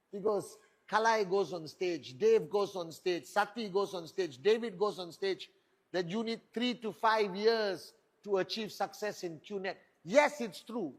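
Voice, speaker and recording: A middle-aged man giving a motivational stage talk, firing rhetorical questions and boasting. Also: high voice. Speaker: motivational speaker at a network marketing event.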